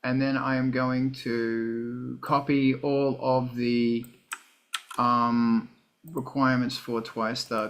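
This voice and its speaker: A man's voice: medium pitch, little pitch movement, measured pace. A man, a musician hosting a casual chat, self-deprecating and swearing often as he talks through and reads his song lyrics. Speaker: podcast host and musician. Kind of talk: casual chat about songwriting.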